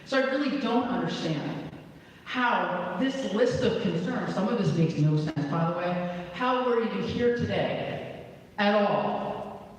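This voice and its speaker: A man's voice: high-pitched, lively intonation, unhurried. A man, a parent and chemistry teacher, giving a frustrated, impassioned public comment at a town meeting. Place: large church meeting hall. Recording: very echoey hall from far off.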